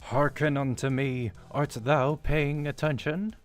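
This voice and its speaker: A man voicing an exuberant young female knight who speaks in drawn-out archaic phrases, in a fan reading of a game story. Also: mid-range voice, steady tone, faint music behind, voice pushed up, lightly acted. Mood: grandiose. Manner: grandiose, drawn-out old-fashioned phrasing.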